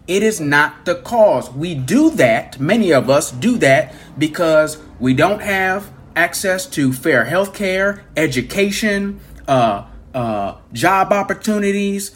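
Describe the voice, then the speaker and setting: A man interviewing a guest, asking measured, deliberate questions. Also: on the high side, expressive, fairly bright tone, husky.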